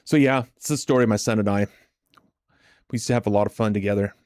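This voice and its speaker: A man's voice: fairly low pitch, fast, smooth, dry recording. Male streamer host, casual and chatty, with a lot of restarts. Dry, close sound. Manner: chatty, repeats words and restarts often; animated storyteller. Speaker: trading live-stream host. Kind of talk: casual live-stream commentary.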